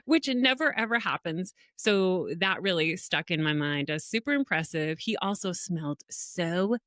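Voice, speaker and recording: A woman's voice: lowish voice, normal speed, dry recording, clean studio sound. A middle-aged woman co-hosting a podcast, telling stories animatedly in a casual chat and laughing often. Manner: animated storytelling with frequent laughs. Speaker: podcast co-host.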